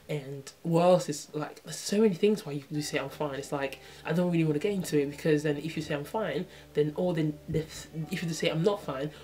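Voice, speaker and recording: A young woman vlogger in her twenties talks casually to camera in a low, darkish voice, with slight background noise. Reflective and chatty, she often asks "you know what I mean" and acts out little dialogues in changed voices.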